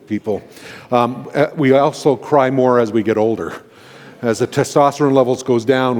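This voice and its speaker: A man's voice: medium pitch, darkish tone. A Canadian man, a pastor, telling an earnest, emotional personal story in a sermon, with many restarts. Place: large church sanctuary. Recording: long hall reverb.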